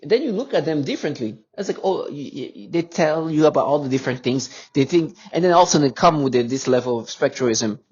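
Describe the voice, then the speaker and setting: A man speaking in an agitated, unscripted monologue to his viewers, halting often with stammered restarts. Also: a little high, expressive, a little mellow, slightly rough, dull audio. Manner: agitated and insistent. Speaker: vlogger addressing viewers.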